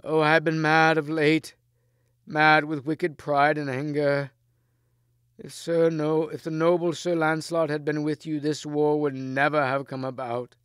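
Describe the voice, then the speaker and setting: A man voicing a dying knight, full of remorse and passion, speaking raised and slow. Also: mid-range voice, steady tone, a bit bright, clean tone, no room sound, clean studio sound, natural voice. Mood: remorseful.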